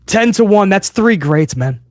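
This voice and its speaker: Excitable man on a live reaction stream. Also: high voice, measured pace, no echo. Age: older adult fan. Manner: excitable, casual, swears, calls viewers bro. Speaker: livestream host reacting to wrestling.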